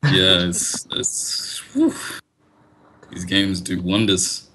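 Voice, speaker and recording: A man's voice: low-pitched, wildly swooping pitch, very slow, sharp tone, slight background noise. A young man, chatting casually as a player, laid-back and hesitant with lots of fillers. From Australia. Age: late teens. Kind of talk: casual chat.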